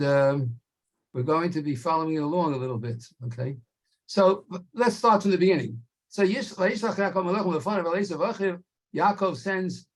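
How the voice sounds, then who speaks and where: A man teaching a Torah class, explaining slowly and stretching key words for emphasis. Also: sits high.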